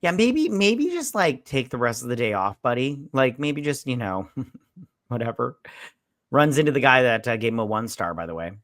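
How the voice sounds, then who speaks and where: This co-host's voice is medium in pitch and fairly bright, with lively intonation at a moderate pace. He recaps a movie casually and drunkenly, crude and joking, throwing in put-on quotes. The studio sound is clean, with no echo.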